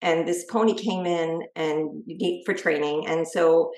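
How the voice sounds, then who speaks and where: A middle-aged woman, a guest author, telling a personal story in a lively way and acting out what others said. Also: low voice, a little slow. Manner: lively storyteller who acts out quoted speech. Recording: echoey room.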